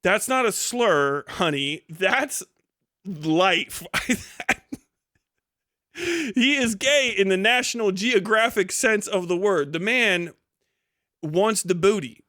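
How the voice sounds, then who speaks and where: A young man with a high, bright voice rattles off excitable, profanity-laced stream commentary, breaking into laughter often. The sound is close and dry. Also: slow pace, no echo. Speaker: live streamer.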